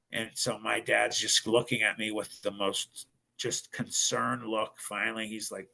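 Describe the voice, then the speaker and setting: On a podcast, a middle-aged guest from Ohio, United States, relates his story with animation, imitating other people's voices. His voice sits on the low side, creaky yet pushed and bright, with a level tone, a measured pace and few pauses.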